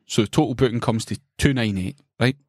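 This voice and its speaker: A man's voice: mid-range voice, fairly quick, no echo, clean studio sound. A man with a Scottish accent co-hosting a podcast, ranting and swearing as he tells a story in casual chat. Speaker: podcast co-host.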